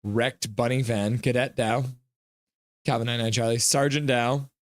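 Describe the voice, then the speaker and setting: A man hosting a live hockey reaction stream, reading chat messages aloud, joking and reacting loudly to goals. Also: mid-range voice, unhurried, no room sound, studio quality. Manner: excitable, reads chat aloud and jokes.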